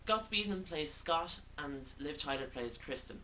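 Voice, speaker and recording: A man's voice: on the high side, animated, unhurried, pushed and bright. Hesitant man reviewing films, distant mic. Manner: hesitant, with many "sort of" and "um". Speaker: film reviewer. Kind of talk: casual video review. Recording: distant mic, faint background noise.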